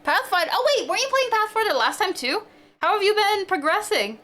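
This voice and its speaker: A woman livestreamer talks casually to her viewers in a high, bright voice. Her pitch leaps up and down as she squeals greetings and jokes around. She sounds bubbly and playful at a close desk microphone. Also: sing-song, a little fast. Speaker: streamer. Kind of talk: casual live-stream chat.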